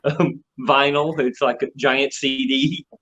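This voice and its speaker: A man, a ventriloquist, telling his story in a relaxed interview with many fillers. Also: mid-range voice, slow. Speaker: ventriloquist guest. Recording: dull lo-fi audio.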